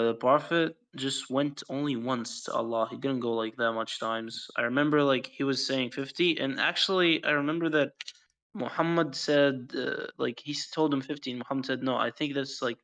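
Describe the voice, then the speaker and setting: A man's voice: mid-range voice, moderate pace, gravelly, fairly bright tone, rough recording. A man calling into a live debate, defensive and insistent, often talking over the other speaker. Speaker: caller.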